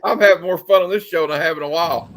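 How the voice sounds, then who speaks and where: A man with a twang hosts a loose movie chat from a home stream setup. His voice sits a bit high for a man, and he talks with an animated, laughing energy. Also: slight background noise. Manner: animated, quick to laugh, slips into silly impressions. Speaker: host of a movie discussion show.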